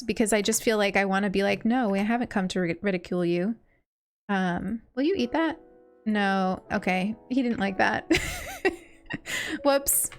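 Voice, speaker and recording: A young woman streaming a cozy game, chatting gently and warmly greeting viewers, often saying things twice. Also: mid-range voice. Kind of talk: cozy casual chat while gaming. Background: faint game music.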